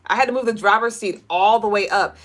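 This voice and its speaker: A woman's voice: mid-range voice, fast. A woman hosting a casual livestream of daily spiritual and tarot readings. She is chatty and profane, laughs often, and reads chat comments aloud.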